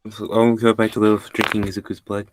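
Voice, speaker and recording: A man's voice: fairly low pitch, little pitch movement, quick pace, noisy background. A young man in casual chat, joking and chiming in with offhand comments. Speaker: co-host.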